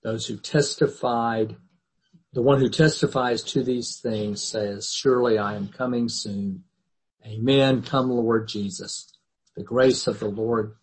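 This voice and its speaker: A man reading scripture aloud and then lecturing to a class in a measured, thoughtful way, often restarting his sentences. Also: on the low side, husky, rough recording. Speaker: teacher of a Bible class.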